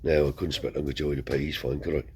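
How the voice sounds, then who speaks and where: A man's voice: extremely low pitch, flat delivery, fast, slightly rough. A man telling a rambling story in broad colloquial speech, swearing freely as he goes. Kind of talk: casual spoken anecdote.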